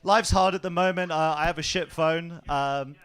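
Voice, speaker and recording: Young male stand-up, high bright voice, animated and quick with character bits. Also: clean tone. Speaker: stand-up comedian. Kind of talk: stand-up set. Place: comedy club stage.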